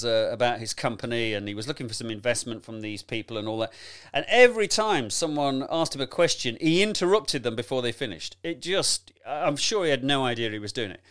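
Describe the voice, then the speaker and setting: A man coaching on presentation skills in a chatty, animated teaching talk, addressing the listener directly and laughing often. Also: mid-range voice.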